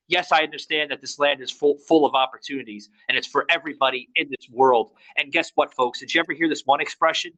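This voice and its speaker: A man's voice: a little high, steady tone, quick pace, hardly any pauses, fairly bright tone, rough recording. Angry stammering man hosting a podcast. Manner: angry, stammering, swears a lot. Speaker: podcast host. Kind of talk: heated political talk.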